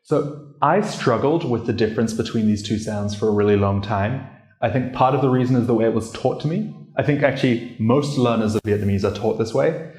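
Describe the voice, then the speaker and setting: A man presenting a casual pronunciation lesson as a learner of the language, explaining in a relaxed, chatty way with lots of "like" fillers. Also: mid-range voice, fairly quick, soft background music. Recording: roomy echo.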